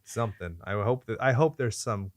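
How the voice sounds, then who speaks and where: A man's voice: lowish voice, normal speed, dry recording, studio quality. A man in his thirties hosting a podcast, talking casually with crude, sarcastic jokes. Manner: profane, sarcastic, jokey. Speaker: podcast host.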